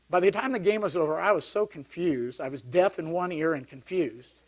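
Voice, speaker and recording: A middle-aged man, a deacon, telling his personal story to a parish gathering, lively when he recounts the yelling. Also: fairly high pitch. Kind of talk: personal testimony talk. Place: parish hall.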